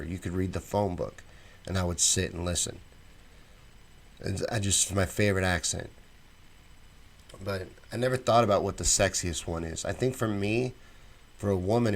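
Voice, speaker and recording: A man's voice: deep voice, creaky. A man hosting a casual live stream, reading viewer comments aloud and answering each one with his own opinions. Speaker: show host reading live chat.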